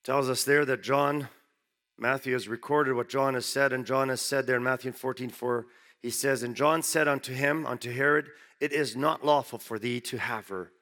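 A man giving a sermon who reads Bible verses aloud and then explains them in plain, everyday words, rising sharply in pitch to stress key points. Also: steady tone, normal speed, pushed and bright. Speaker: preacher. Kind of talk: sermon reading and explaining scripture.

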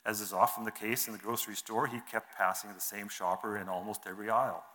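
A man giving a sermon in an earnest, measured way, reading scripture and telling an illustration, his phrases trailing off softly. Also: fairly low pitch, steady tone. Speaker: preacher.

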